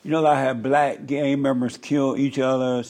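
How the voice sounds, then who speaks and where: A male talk show host puts short, blunt questions to his guest. His voice sits at an ordinary middle pitch. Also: little pitch movement, moderate pace, darkish tone. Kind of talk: interview.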